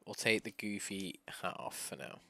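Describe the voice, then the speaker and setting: A man's voice: fairly low pitch, lively intonation, normal speed, creaky, bright, forceful tone. A man streaming a game, chatting in a playful way with giggly asides. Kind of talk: casual gaming stream chat.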